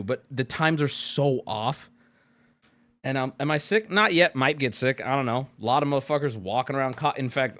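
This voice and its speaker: A jet-lagged man hosting a casual livestream chat, rambling and swearing as he talks. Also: a little high. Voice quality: animated, profane, rambling. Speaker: streamer host.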